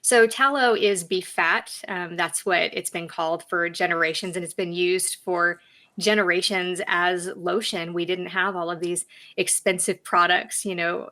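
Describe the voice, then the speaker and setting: Earnest woman, low bright voice. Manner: earnest, explanatory. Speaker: guest entrepreneur. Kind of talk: interview explanation.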